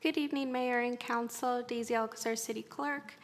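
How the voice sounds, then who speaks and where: A woman's voice: a little high, steady tone, brisk. A woman serving as city clerk, politely introducing a new employee at a council meeting. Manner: polite, brief. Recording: reverberant council chamber.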